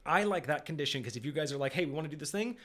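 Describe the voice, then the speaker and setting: A man's voice: a little high, animated, rapid-fire, fairly bright tone. A man hosting a casual live-stream discussion about running tabletop games, rambling with many fillers and acting out players' lines. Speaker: game master and podcast host.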